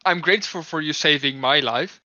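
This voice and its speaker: A sharp, bright-toned man trading wry, needling banter in character at a tabletop game. His voice comes through a dull, lo-fi home mic with a dry, close sound. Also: on the high side, brisk, no echo. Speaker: player. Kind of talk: in-character tabletop role-play.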